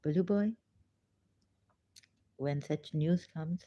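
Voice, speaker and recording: A woman hosting a casual livestream, reading news aloud in a halting way with many fillers and restarts. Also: low voice, warm tone. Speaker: livestream host. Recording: dry, slightly dull lo-fi recording.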